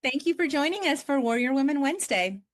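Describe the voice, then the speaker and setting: A woman's voice: sits high, animated, fast talker. A woman hosting an interview over a video call, welcoming and earnest. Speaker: host.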